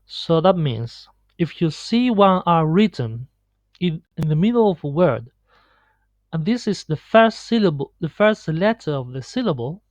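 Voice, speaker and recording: A man teaching pronunciation on a screen recording, explaining slowly with many pauses and fillers. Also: on the high side, no echo. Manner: slow, halting explanation with many fillers and restarts. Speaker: Spanish teacher. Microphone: computer mic on a screen recording. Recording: dull lo-fi screencast audio.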